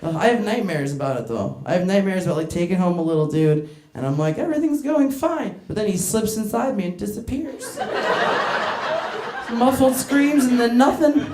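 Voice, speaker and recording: A woman doing a crude, self-mocking stand-up set on a club stage, laughing through her lines, teasing the crowd, her voice wearing hoarse. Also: mid-range voice, normal speed. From United States. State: voice getting hoarse. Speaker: stand-up comedian. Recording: echoey club room.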